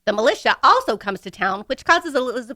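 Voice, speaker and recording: A woman's voice: on the high side, big pitch swings, fairly quick, bright, forceful tone, dry recording, clean studio sound. A woman co-hosting a casual podcast chat, playful and jokey as she sums up a book. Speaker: podcast co-host.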